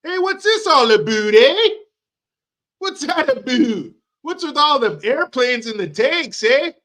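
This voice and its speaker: A man's voice: very animated, measured pace, sharp tone, exaggerated voice. A man putting on a baffled, whiny Canadian man who keeps saying "eh". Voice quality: whiny and high.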